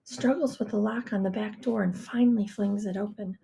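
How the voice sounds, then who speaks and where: A woman reading a first-person story in a hushed, intimate way. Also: mid-range voice, fairly even intonation, moderate pace, gravelly, a little hiss or hum. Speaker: audiobook reader.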